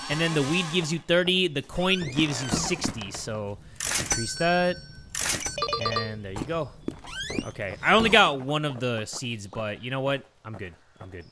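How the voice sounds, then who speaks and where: A young man giving excited gameplay commentary, swearing often and talking to his viewers, swinging between hyped yelling and muttered counting. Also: high voice, a little hiss or hum. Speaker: gaming YouTuber.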